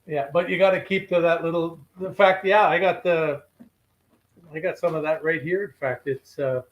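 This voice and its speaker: A man's voice: a little high, steady tone, normal speed, muffled recording. An older man from Canada, a fishing guest telling rambling, joking stories in casual chat.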